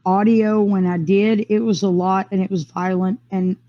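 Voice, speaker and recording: A woman telling her own story in a casual, rambling way, with quick bursts, fillers and restarts. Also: mid-range voice, fairly even intonation, dull audio. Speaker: interviewee sharing a personal experience. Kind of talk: casual first-person storytelling.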